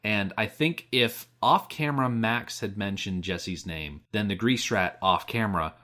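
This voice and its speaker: A man's voice: lowish voice, unhurried, bright, forceful tone. A man co-hosting a podcast in casual chat, playful and laughing often. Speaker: podcast co-host.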